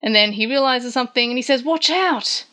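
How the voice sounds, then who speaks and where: A woman's voice: on the high side, steady tone, fast, bright, forceful tone, smooth. A woman hosting a casual recap show, retelling scenes in a chatty way and lifting her voice for the quoted lines. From Australia. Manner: frequent fillers and restarts, chatty. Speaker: podcast host recapping a manga chapter.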